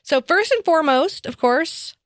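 A woman's voice: sits high, expressive, moderate pace, no room sound, studio quality. A woman co-hosting a casual podcast, reading a list aloud with wry asides and frequent laughs, recorded indoors. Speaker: podcast co-host.

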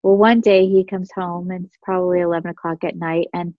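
A middle-aged woman chats through her stories in a loose, rambling way, full of fillers and restarts. Her voice sits at an everyday pitch. The recording is dull and lo-fi, with a very dry, close sound. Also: flat delivery, brisk, dry recording. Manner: chatty, meandering, many fillers and restarts. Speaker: guest sharing spiritual experiences. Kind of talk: casual storytelling chat.

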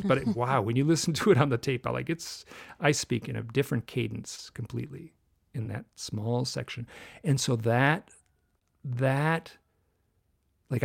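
A middle-aged man, a guest author, tells a personal story in an earnest, halting way with many restarts. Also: mid-range voice, gravelly. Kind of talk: casual interview storytelling.

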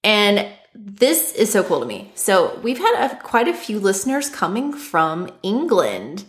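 A chatty woman co-hosts a casual podcast, laughing easily as she talks. Her voice sits at a middling pitch, and the room around the mic is clearly echoey. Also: wildly swooping pitch, measured pace. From Nashville, Tennessee. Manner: bubbly, laughs often, chatty. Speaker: podcast co-host. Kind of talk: casual chat.

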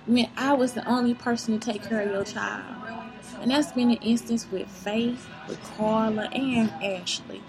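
A woman's voice: on the high side, fairly even intonation, moderate pace, over music, poor audio. A woman giving a rambling, profane, unscripted venting monologue to her viewers, often asking if they see what she means. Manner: heated, profane, keeps asking "you see what I'm saying?"; rambling, circling back on herself.

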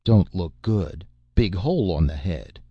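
A man's voice: low voice, animated, a little slow, breathy edge, dry recording, highs cut off, full character voice. A man reading the lines of a suspicious rival barbarian slave master, who speaks in clipped, broken phrases. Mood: doubtful. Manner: clipped broken speech, doubtful.

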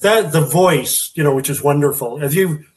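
A man interviewing a guest, asking halting questions full of fillers and restarts. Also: a little high. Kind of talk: casual interview talk.

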